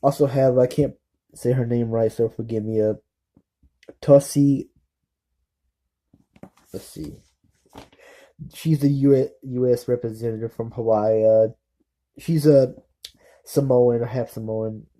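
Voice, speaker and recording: A man chats casually to his viewers in a deep, very dark tone. He talks haltingly, restarts often, and keeps apologizing for his slips. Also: fairly even intonation, low-quality recording. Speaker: political vlogger. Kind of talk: casual unscripted commentary.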